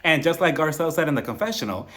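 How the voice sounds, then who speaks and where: A man's voice: a little high, animated, racing, a bit bright. A man giving sassy, gossipy commentary while reviewing a reality TV show. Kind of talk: casual video commentary.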